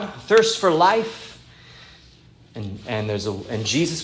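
A man preaching a sermon in an earnest, plain-spoken way, slowing down to quote scripture. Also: mid-range voice, fairly bright tone.

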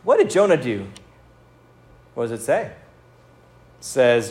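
A man's voice: mid-range voice, big pitch swings, measured pace, pauses often, a little mellow. A man preaching a sermon, earnest and direct, asking the listeners pointed questions. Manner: earnest preaching with rhetorical questions and acted quotes. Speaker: pastor.

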